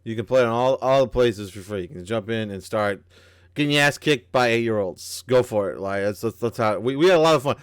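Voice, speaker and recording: A man's voice: mid-range voice, a little fast, smooth, no echo, clean studio sound. A man co-hosting a casual gaming news chat, rambling and profane, often restarting his sentences and joking at his own expense. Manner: rambling, profane, self-deprecating, many restarts. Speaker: podcast co-host.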